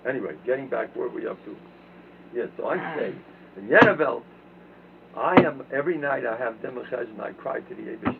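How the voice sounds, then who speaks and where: A rabbi giving a humorous Torah talk, self-mocking and swinging from low mumbled asides to loud emphatic bursts. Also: male voice, expressive, fairly quick, vocal fry. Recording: distant, tinny phone-quality recording with background noise.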